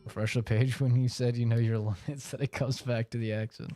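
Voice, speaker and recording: A man's voice: mid-range voice, flat delivery, brisk, dark tone, faint music behind. A male game streamer chatting casually with his viewers. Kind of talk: casual live-stream chat.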